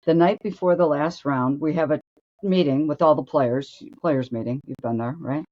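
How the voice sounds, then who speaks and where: A woman's voice: sits low, moderate pace, highs cut off. An older woman co-hosting a show, telling blunt, brash stories and acting out the voices of people in them. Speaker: co-host and former tour golfer. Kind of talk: animated storytelling.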